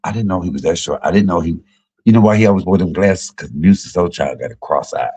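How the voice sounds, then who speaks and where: Deep husky man telling stories. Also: fast, mellow, poor audio. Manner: profane, joking, jumps high in pitch for quoted voices. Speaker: comedian and YouTube cook. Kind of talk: casual storytelling livestream.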